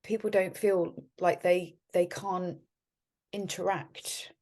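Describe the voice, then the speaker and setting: A woman guest in an interview, with a low, mellow voice. She talks in a friendly, easygoing way, often restarting her sentences and laughing. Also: fairly even intonation, takes it slowly. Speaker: guest, art curator.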